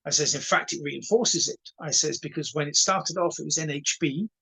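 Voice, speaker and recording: A man in his sixties tells stories as a guest on an interview show. His voice is husky and sits a little high, and he trips over repeated words while acting out the people he quotes. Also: a little fast, low-quality recording. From Wales. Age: 60s. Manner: animated storyteller who stutters on repeated words and acts out dialogue. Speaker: karate instructor and guest. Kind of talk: casual storytelling interview.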